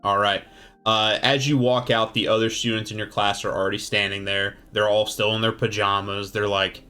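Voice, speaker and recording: A man's voice: on the low side, flat delivery, moderate pace, bright, forceful tone, smooth, soft background music. A man narrating a casual tabletop game as game master, loose and rambling with many fillers.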